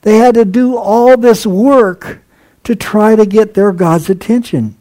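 High-voiced, mellow male preacher. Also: measured pace, poor audio. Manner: expository, reads scripture aloud and comments; chuckles at the humor in the text. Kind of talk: sermon.

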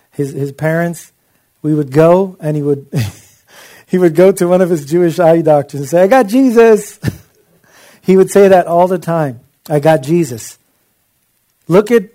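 A man's voice: a little high, warm tone. A man preaching a sermon in an impassioned, conversational way, with frequent asides to his listeners.

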